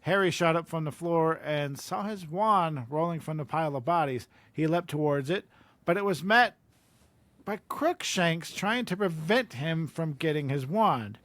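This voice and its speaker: Guy with a pretty high voice reading bits of a book on a podcast, dry mic. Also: lively intonation, measured pace, a bit bright, no echo. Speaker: podcast co-host. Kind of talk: casual chat and reading aloud.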